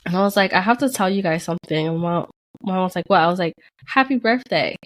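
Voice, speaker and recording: A woman's voice: on the low side, steady tone, fast. A young woman co-hosting a podcast, telling a personal story in casual chat and acting out the people she quotes with big jumps in her voice. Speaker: podcast co-host.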